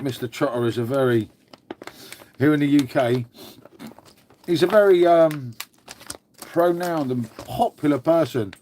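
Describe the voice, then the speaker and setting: A man's voice: medium pitch, a little mellow, slight background noise. An English man hosting a casual live stream from home, rambling chattily, swearing now and then and answering his chat. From England.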